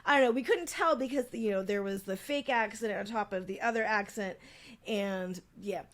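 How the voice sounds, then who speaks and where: A woman's voice: medium pitch, normal speed. A woman co-hosting a podcast, telling a travel story in casual, filler-filled chat. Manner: chatty storytelling, frequent fillers. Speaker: podcast co-host.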